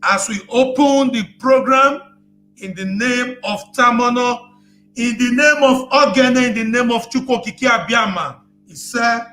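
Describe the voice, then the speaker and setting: A man's voice: very high-pitched, measured pace, pushed and bright, soft background music. A man leading an earnest spoken prayer at a meeting, thanking and praising in repeated phrases.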